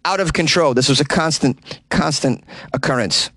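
A man's voice: fairly high pitch, moderate pace, sharp tone, dry recording. A man hosting a comedy news podcast, reading articles aloud and mocking them sarcastically, recorded in a small closet. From lived in New York City. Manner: sarcastic, riffing on articles he reads. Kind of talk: comic news commentary.

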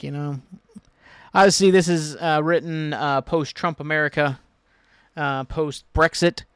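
A man's voice: fairly high pitch, gravelly, no room sound, clean studio sound. A man hosting a solo podcast, rambling casually and ranting with lots of swearing. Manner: rambling and ranty, swears freely. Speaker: podcast host.

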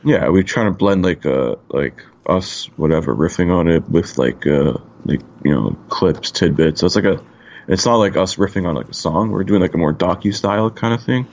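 A man's voice: deep voice, moderate pace, a little mellow, lo-fi sound, slight background noise. A laid-back man from Canada co-hosting a casual podcast, swearing freely and filling his talk with "like.". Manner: laid-back, swears a lot, lots of "like" fillers. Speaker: podcast co-host.

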